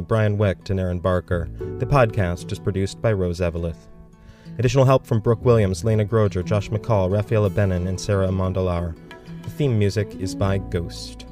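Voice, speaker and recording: Low-voiced man reading show credits. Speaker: podcast host. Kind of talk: scripted outro. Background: guitar music.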